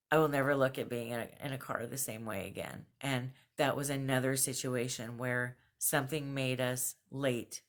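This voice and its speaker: A woman records a casual video journal at home, speaking to camera in an unscripted way. She is earnest and reflective, with fillers and the odd soft laugh. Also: extremely low pitch, steady tone, measured pace. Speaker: vlogger. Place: at home, just out of bed.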